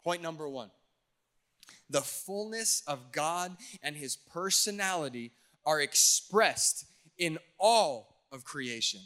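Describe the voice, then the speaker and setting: Male pastor, high bright voice, playful teasing sermon delivery. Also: animated, slow. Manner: teasing, joking with the audience. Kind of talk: playful sermon to a youth crowd.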